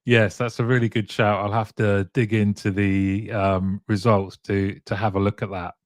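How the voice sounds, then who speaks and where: A man's voice: fairly low pitch, little pitch movement, moderate pace, no room sound, studio quality. A man hosting a casual live-streamed talk show, chatting, reading out viewer comments and often chuckling. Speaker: show host.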